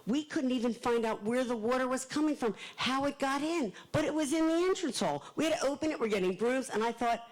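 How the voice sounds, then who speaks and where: An older woman from Philadelphia with a Philadelphia accent, an author giving a fast, chatty, joking live talk at a library event. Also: on the high side, rough recording. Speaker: author speaking to an audience.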